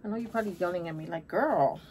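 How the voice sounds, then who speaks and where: A woman's voice: lowish voice, rapid-fire, a little mellow, a little hiss or hum. A middle-aged woman chatting casually through a shopping haul at home, gushing and exclamatory, talking straight to her viewers and calling them guys and honey. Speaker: haul vlogger.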